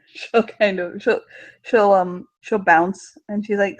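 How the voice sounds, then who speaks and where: A woman's voice: mid-range voice, fairly even intonation, measured pace. A woman narrating as game master, giggly and full of fillers.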